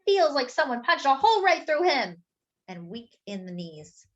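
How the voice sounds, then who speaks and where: A woman reading a children's picture book aloud in an expressive, animated way, with asides to her listeners. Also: sits high, moderate pace. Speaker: storyteller. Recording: dull lo-fi sound.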